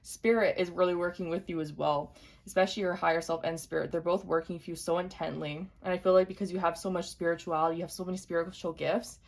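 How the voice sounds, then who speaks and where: Gentle lower-voiced woman reading tarot. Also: fairly even intonation, fast talker, creaky. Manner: gentle, repetitive, speaks straight to the viewer. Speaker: tarot reader. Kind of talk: intuitive tarot reading to camera.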